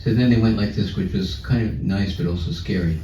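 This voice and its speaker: A man telling a humorous story in a spiritual talk, animated, laughing often and acting out scenes. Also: fairly low pitch, fairly quick, slight background noise. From New York. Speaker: spiritual speaker. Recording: echoey room, far and dull.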